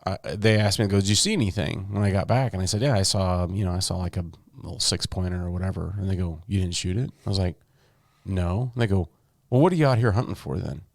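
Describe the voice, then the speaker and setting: A man hosting a podcast, telling anecdotes in a relaxed, conversational way. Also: low voice, quick pace, vocal fry, no room sound, clean studio sound. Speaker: podcast host. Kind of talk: casual conversation.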